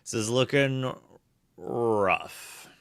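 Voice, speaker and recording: A man co-casting a live card game whose pitch swings widely as he reacts. He trades quick, jokey banter, and the sound is close and dry. His talk is loose and conversational. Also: expressive, vocal fry, a bit bright, clear, resonant tone, no echo. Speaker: co-caster.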